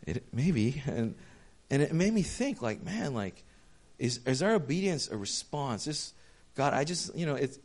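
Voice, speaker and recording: Man preaching a casual, story-filled sermon. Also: mid-range voice. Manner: casual, storytelling, acts out dialogue. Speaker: pastor.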